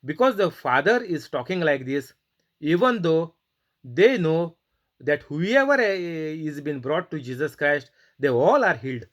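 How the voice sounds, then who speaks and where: A man preaching a sermon, reading Bible verses and leading prayer, with many pauses and fillers. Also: a little high, animated, a bit bright. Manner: halting, many fillers, emphatic rebukes.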